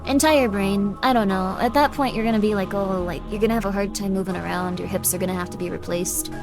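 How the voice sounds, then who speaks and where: A woman streamer in casual chat with her viewers, rambling, excitable and laughing at herself. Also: mid-range voice, fast, over music.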